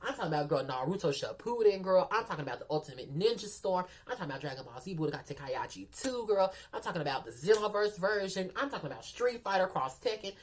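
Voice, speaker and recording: Woman, storytime vlogger, low voice, lively swings in pitch, sassy chatty delivery. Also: fast talker, hardly any pauses. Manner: sassy, animated, talks to viewers as girl and y'all. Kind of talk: casual storytelling to the camera.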